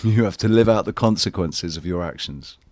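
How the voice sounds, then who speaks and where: A man's voice: low voice, brisk, a little mellow, no room sound. A man in casual live panel chat, rambling and self-questioning with lots of swearing. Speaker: livestream panelist.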